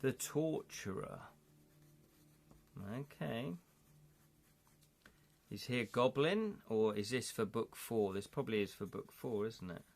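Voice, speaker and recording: A man's voice: mid-range voice, expressive, measured pace, long pauses. A man playing a gamebook live, reading its passages aloud and thinking aloud with his viewers. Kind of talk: live-streamed gamebook play, narration and chat.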